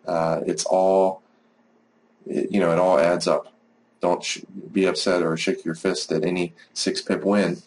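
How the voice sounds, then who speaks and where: Low-voiced man explaining trades casually. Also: darkish tone. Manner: casual, rambling, lots of "uh" and "you know". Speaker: forex trading educator. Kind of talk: screen-recorded trading lesson.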